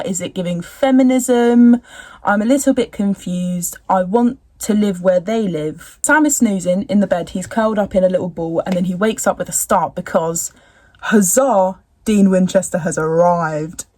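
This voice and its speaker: A woman's voice: mid-range voice, darkish tone, no echo. Give me a young woman casually recapping a show from home, slangy and jokey, recorded dry. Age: young adult. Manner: rambling, slangy, jokey asides. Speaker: vlogger recapping a TV episode. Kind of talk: casual chat.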